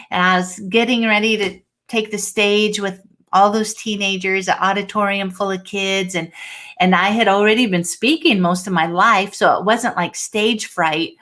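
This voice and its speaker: A woman's voice: mid-range voice, fairly bright tone. A middle-aged woman from Washington state, telling a personal story as a guest speaker over a video call, earnest and laughing often. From Washington state, USA.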